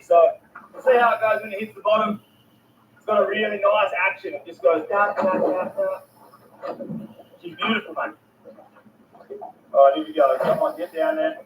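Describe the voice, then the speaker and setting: A man's voice: high voice, noisy background. A young Australian man enthusiastically narrating his fishing vlog from a boat at sea, full of exclamations and slang. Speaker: fishing vlogger. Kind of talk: excited outdoor vlog commentary. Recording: distant, echoey mic.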